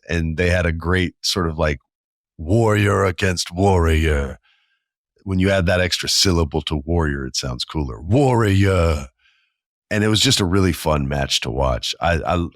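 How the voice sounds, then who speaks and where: A man's voice: rumbling low, a bit bright, no echo, studio quality. A man in his forties hosting a solo podcast, telling stories in an enthusiastic, conversational way with slangy asides. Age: 40s. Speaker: podcast host. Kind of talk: casual solo podcast monologue.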